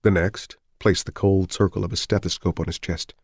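A man narrating a novel in an even, measured audiobook reading. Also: low voice, no echo, clean studio sound.

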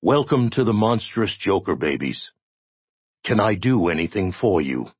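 A man voicing a sympathetic, resigned male helper, speaking slowly and low. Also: very animated, slightly rough, no room sound, highs cut off, heavily acted.

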